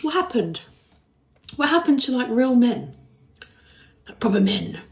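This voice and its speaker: A woman's voice: fairly high pitch, sing-song, a little slow, darkish tone. A woman ranting sarcastically about men on dating apps, exasperated. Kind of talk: casual vlog rant.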